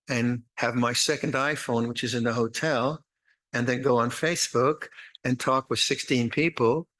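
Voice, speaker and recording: An older man, a monastic teacher, giving an unhurried, reflective dharma talk with meditation instructions, often restarting phrases and adding gentle humor. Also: medium pitch. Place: retreat meditation hall.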